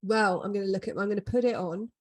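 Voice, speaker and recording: Woman, podcast co-host, casual chat, rambling, self-deprecating, mid pitch. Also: quick pace.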